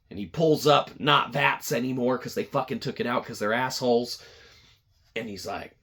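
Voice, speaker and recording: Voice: medium pitch, normal speed, fairly bright tone. A podcast host telling a crude, rambling, sarcastic comedic story. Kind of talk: profane comedic rant.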